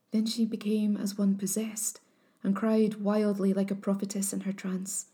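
A woman narrating an old legend in a measured, solemn storytelling style. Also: mid-range voice, level tone, mellow.

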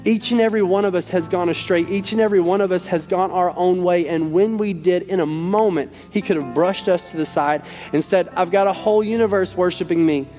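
A man's voice: sits high, steady tone, fairly quick, hardly any pauses, darkish tone. A man preaching a sermon as a pastor, impassioned and repeating phrases for emphasis. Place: church sanctuary. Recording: church hall with long reverb and faint music.

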